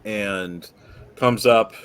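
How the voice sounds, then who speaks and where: A man running a tabletop role-playing game, explaining rules and narrating events in a relaxed way. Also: on the low side, extremely slow, clear, resonant tone. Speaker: game master.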